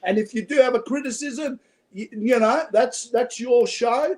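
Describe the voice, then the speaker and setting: A man's voice: extremely high pitch, measured pace, darkish tone. A man with an Australian accent, a guest calling in, talking in a rambling, chatty way and swearing freely. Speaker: call-in guest. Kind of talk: casual chat.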